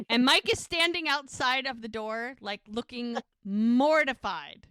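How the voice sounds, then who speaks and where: A woman's voice: on the high side, measured pace, hardly any pauses, fairly bright tone, smooth, no echo. A woman co-hosting a podcast, casually retelling TV scenes and quoting the characters' lines. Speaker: podcast co-host recapping episodes. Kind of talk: casual recap chat.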